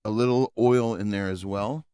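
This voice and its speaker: A man's voice: fairly low pitch, fairly even intonation, normal speed, mellow, smooth, no room sound, studio quality. A young man co-hosting a podcast in casual chat, laid-back and swearing freely as he laughs along. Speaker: podcast co-host.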